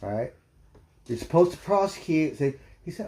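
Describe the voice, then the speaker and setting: Profane, ranting man with a mellow voice. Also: on the high side, very animated, moderate pace. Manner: profane, blunt, heated. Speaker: livestream host. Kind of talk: casual ranting commentary. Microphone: streaming mic.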